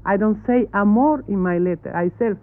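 A woman's voice: mid-range voice, no echo. Earnest Cuban-accented woman, tinny archive. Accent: Cuban Spanish. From Cuba. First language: Spanish. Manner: earnest, halting, corrects the questioner. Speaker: interview guest. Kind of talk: televised panel interview. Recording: tinny archival broadcast audio.

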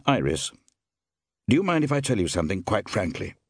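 A man playing a suave, quietly probing gentleman. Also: fairly low pitch, very animated, breathy edge, no echo, clean studio sound, full character voice. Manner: measured, polite, quietly probing.

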